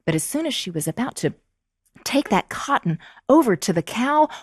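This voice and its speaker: A woman storyteller telling a fairy tale to children, expressive and prompting them to join in. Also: on the high side, normal speed, husky, no room sound, clean studio sound.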